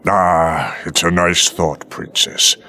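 A man's voice: deep voice, steady tone, takes it slowly, bright, forceful tone, heavily acted. An actor playing a weary, plainspoken castle guardsman with working-class speech in a radio play. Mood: grumbling. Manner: grumbling, world-weary.

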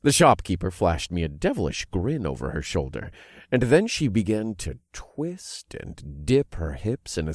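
A man narrating an adult audiobook in the first person, with an expressive reading that builds in intensity. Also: on the low side, no echo, clean studio sound.

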